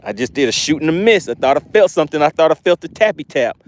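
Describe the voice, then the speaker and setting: A man hosting a fishing live stream while he fishes. He reads the chat aloud, keeps exclaiming in excitement and keeps plugging channel membership. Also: fairly high pitch, fast talker. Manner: chatty and promotional. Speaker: fishing livestream host.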